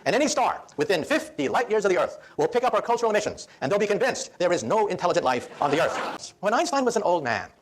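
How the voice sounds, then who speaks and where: Animated, fast-talking man lecturing. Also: sits high, a little hiss or hum. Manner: animated, joking storyteller. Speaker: physicist giving a public lecture. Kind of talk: humorous public lecture.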